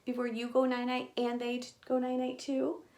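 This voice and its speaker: A woman hosting a children's storytime, reading a picture book aloud and talking directly to young kids in an animated, expressive way. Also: sits high, moderate pace.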